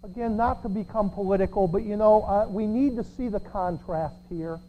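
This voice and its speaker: A pastor preaching a sermon, sarcastic, swinging from shouts to quiet asides. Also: medium pitch, moderate pace, highs cut off, a little hiss or hum. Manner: sarcastic, swinging between shouts and near-whispers.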